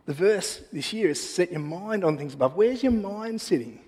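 A man preaching a sermon in a church, praying and then telling a personal story in a casual, animated way with self-deprecating humor. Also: high voice, fairly quick, in a large hall. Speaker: pastor. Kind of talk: sermon with prayer and personal anecdote.

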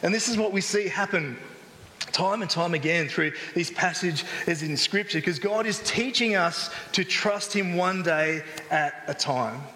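Male pastor, bright and tense, casual sermon with jokes, live reverberant church hall. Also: high-pitched, measured pace. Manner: conversational and joking, acts out complaining voices.

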